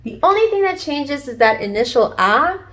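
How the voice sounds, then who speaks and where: This time her voice is high, very animated, fairly bright, and at a moderate pace. The Puerto Rican woman, an online language learner, explains at an indoor whiteboard in a casual video lesson, chatty, encouraging, and self-deprecating, with the camera framing her at the board.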